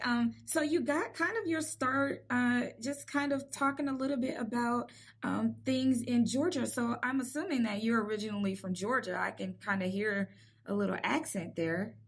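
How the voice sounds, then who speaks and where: A woman's voice: fairly high pitch, husky. A woman from the Midwest with a Midwestern accent, hosting a casual interview with lots of laughter. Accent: Midwestern American. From American Midwest. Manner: warm, giggly, enthusiastic. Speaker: podcast host.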